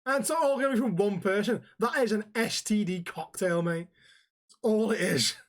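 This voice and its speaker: A man's voice: high-pitched, moderate pace. A man co-hosting a casual podcast, joking crudely and swearing freely. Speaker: podcast co-host.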